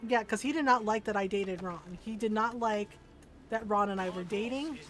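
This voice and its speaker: While gaming on stream, a woman in her forties shares a personal story casually and candidly, laughing often and swearing freely. Her medium-pitched voice is a bit bright and moves at a moderate pace.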